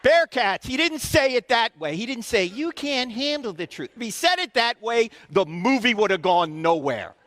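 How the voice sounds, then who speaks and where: Animated high-pitched man lecturing in a hall. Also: normal speed, few pauses. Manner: animated, quizzes the audience with questions. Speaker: Christian apologetics speaker. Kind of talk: live lecture to a student audience. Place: university auditorium. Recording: reverberant hall.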